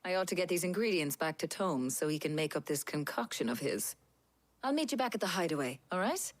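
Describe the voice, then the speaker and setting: An actress playing a wry young herbalist ally in a video game. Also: female voice, fairly low pitch, animated, fairly quick, close to an everyday voice.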